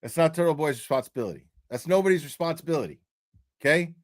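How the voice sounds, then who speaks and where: A man's voice: on the high side, expressive, fast, no room sound, studio quality. A man hosting a commentary show, delivering a crude, profane rant with emphatic repetition. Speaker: commentary host.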